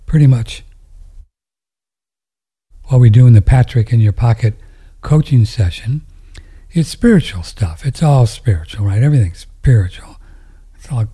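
A man hosting a talk radio show, chatting in a meandering way and trailing off into soft asides. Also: fairly low pitch, breathy edge. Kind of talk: casual rambling talk.

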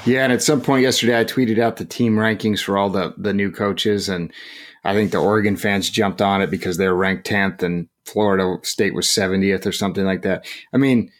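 A man's voice: lowish voice, steady tone, a little fast. A man co-hosting a podcast in casual chat, joking and chuckling as he talks. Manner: chatty, laughing often, self-deprecating jokes. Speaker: podcast co-host.

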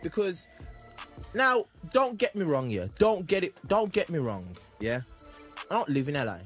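A man's voice: on the high side, normal speed, faint music behind. A man from the English West Midlands co-hosting a podcast, chatting casually in slang-heavy banter. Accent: Black British English. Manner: animated, repetitive slang-heavy chat. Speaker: podcast co-host.

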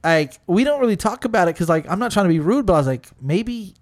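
A man's voice: high voice, quick pace. A man casually telling a long story on a podcast, swearing freely and acting out what his friends said. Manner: animated, profane, acts out what friends said. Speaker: podcast co-host.

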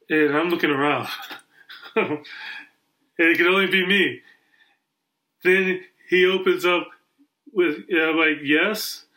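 The audio is poor, and the man's voice sits a little high. He's a podcast co-host who animatedly narrates a long story in an easygoing way, putting on voices for the people in it.

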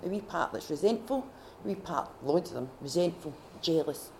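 A woman's voice: low voice, expressive, vocal fry, a little mellow, a little hiss or hum. Scottish woman giving a heartfelt testimony. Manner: heartfelt, halting, with many restarts. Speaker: retreat participant sharing testimony. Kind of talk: personal faith testimony. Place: retreat gathering room.

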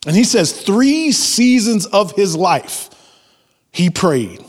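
Preacher in a reverberant hall, husky voice. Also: male voice, sits high, very animated, slow pace. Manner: dynamic, swinging from loud emphasis to hushed whispers; conversational, acts out the congregation's prayers. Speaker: pastor. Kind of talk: sermon.

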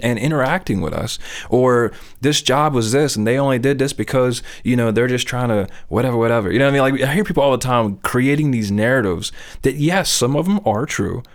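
A middle-aged man speaking about faith in an earnest, conversational way. He keeps checking in with his listener as he talks. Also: fairly low pitch. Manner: earnest, conversational, often asks "you know what I'm saying?". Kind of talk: casual faith talk.

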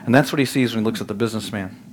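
A man in his thirties preaching a sermon as pastor, telling lively stories that climb loud and high. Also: very fast, a little hiss or hum. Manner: animated storytelling, rising loud and high in anecdotes. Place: church sanctuary.

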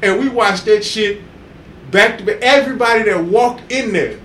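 A man on a podcast, telling excited sports stories in casual chat, acting out quotes and laughing loudly. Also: very high voice, moderate pace. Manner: excitable storytelling, loud laughs and acted quotes. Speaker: podcast co-host. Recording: echoey room with faint hiss.

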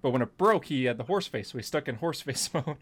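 A man hosting a casual podcast, retelling a comic plot with animated laughs. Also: mid-range voice, fast talker, breathy edge. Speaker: podcast host. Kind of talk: casual comic book chat.

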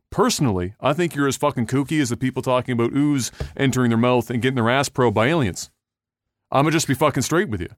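A man's voice: mid-range voice, no echo, studio quality. A man hosting a casual podcast, ranting bluntly and heatedly with lots of swearing. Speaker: podcast host.

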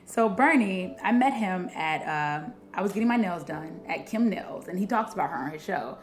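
A woman comedian from Illinois, telling a story in animated, profane casual chat. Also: on the low side, moderate pace, reverberant. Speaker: comedian guest.

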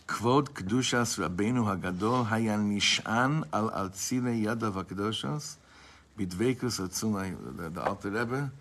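A man teaching a class, reading passages slowly and retelling them with rising feeling, with casual asides and frequent restarts. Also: lowish voice, a bit bright. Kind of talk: storytelling lesson.

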